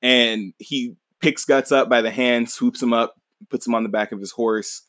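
A man's voice: medium pitch, steady tone, normal speed, a bit bright, dry recording. A man hosting a podcast, casually recapping a manga in a rambling, laid-back way, swearing and laughing along. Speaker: podcast host.

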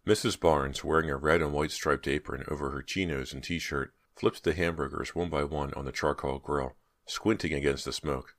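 A man's voice: very deep voice, fairly even intonation, moderate pace, hardly any pauses, a bit bright, no room sound, studio quality. A man narrating a young adult horror novel as an audiobook, reading every part himself. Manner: reads all parts, raising his voice for the girls' lines. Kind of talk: scripted narration with character voices.

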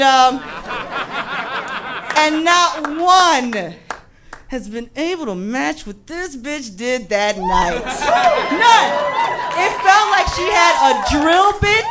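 A woman doing live stand-up, telling a raunchy story in a brash, profane and animated way, often laughing through her lines. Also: high-pitched, very noisy. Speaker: stand-up comedian.

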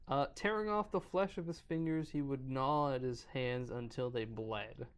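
A man with a clear, resonant, mid-range voice hosts a podcast, casually reading a horror story aloud at normal speed. He stumbles over words now and then and breaks off to joke.

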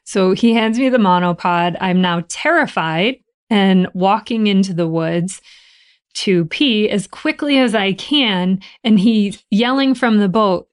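A woman's voice: medium pitch, measured pace, smooth. A woman hosting a podcast, telling a personal story in a chatty way and laughing often. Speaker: podcast host.

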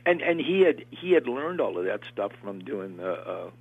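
An older man, an actor, telling an animated story in a casual interview, with lots of restarts and acted-out quotes. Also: medium pitch, moderate pace, creaky, breathy edge. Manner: animated, repeats and restarts, acts out quoted voices. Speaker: actor guest recalling film work. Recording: tinny phone-line sound.

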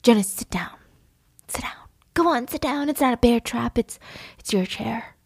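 A woman's voice: a little high, lively intonation, moderate pace, gravelly, husky, no room sound, studio quality, exaggerated voice. A woman voicing a drunk, unhinged, jealous husband who taunts and threatens. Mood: menacing. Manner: loud, mocking, menacing swings.

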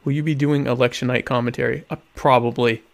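A man hosting a casual live stream, rambling and interrupting himself, with deadpan, mock-pompous humor. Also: mid-range voice, fast, gravelly. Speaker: live show host.

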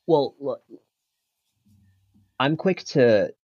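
A man's voice: medium pitch, expressive, very slow, a little mellow, husky, no room sound, lo-fi sound. A man, a bar manager guest on a podcast, talking bluntly and sarcastically with some profanity. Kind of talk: casual podcast chat.

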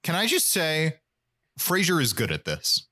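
A man's voice: a little high, wildly swooping pitch, measured pace, pushed and bright. A man co-hosting a casual podcast, recapping a TV episode, who laughs often and searches for words. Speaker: podcast co-host.

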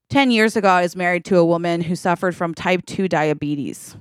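A woman co-hosting a podcast, telling a comic story in an animated way, laughing often and acting out the people in it. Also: lowish voice, a little fast, smooth, dry recording, clean studio sound. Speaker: podcast co-host. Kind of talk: comedic storytelling chat.

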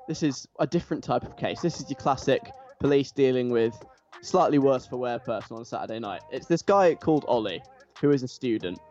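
A man chatting enthusiastically and gushing about a show he loves, restarting his sentences often. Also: on the high side. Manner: animated, gushing, with frequent restarts. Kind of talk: casual enthusiastic chat.

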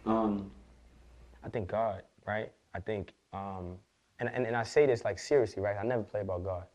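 A man, a podcast guest, telling his life story in fast, slangy, profane street talk. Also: lowish voice, darkish tone. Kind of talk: candid interview storytelling.

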